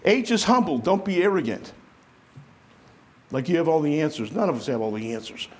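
A man preaching a sermon to a congregation, lively and conversational, acting out the voices of people he quotes. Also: fairly high pitch, brisk. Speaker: pastor.

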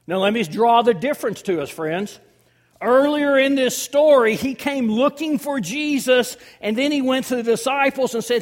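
A man in his fifties preaching a sermon as pastor, swinging between loud emphasis and hushed, near-whispered lines. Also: very high-pitched, expressive, measured pace. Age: 50s.

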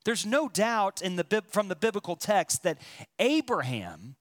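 Slow, animated preacher with a high-pitched voice. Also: male voice. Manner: emphatic preaching with dramatic pauses, addresses listeners directly. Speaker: pastor. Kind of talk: sermon.

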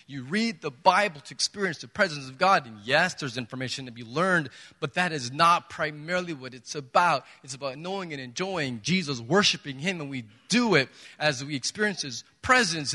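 A man's voice: on the high side, bright, forceful tone. A man preaching a sermon as pastor, emphatic and conversational, asking his listeners rhetorical questions. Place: church sanctuary. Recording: reverberant church hall.

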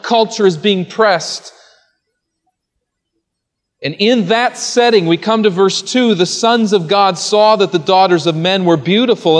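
A man's voice: sits high, unhurried. A man preaching an expository sermon, teaching earnestly and putting rhetorical questions to his listeners before answering them. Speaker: pastor. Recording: long hall reverb.

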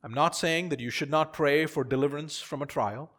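A man preaching a sermon as pastor, swinging from hushed to loud and repeating key lines for emphasis. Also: fairly high pitch, a little fast.

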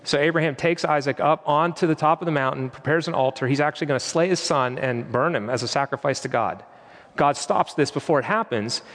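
A man's voice: mid-range voice, a bit bright, in a large hall. A man preaching a sermon in an earnest, conversational way, now and then quoting prayers aloud. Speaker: pastor.

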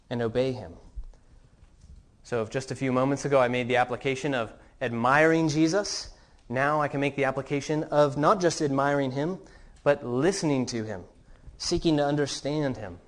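An earnest male pastor delivering a sermon at a steady medium pitch. He poses questions to his listeners and occasionally restarts a phrase. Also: normal speed.

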